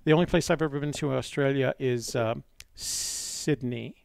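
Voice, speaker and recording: A man's voice: medium pitch, normal speed, creaky, clear, resonant tone, no echo, studio quality. A man hosting a live-streamed call-in show, talking in a chatty, rambling way with many fillers. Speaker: host.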